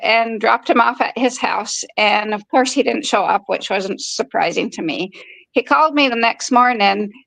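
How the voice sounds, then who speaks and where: A woman's voice: mid-range voice, gravelly, fairly bright tone, dry recording, rough recording. A woman in her fifties telling a personal story in a frank, conversational way. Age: 50s. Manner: frank and conversational, acting out quoted dialogue. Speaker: podcast host.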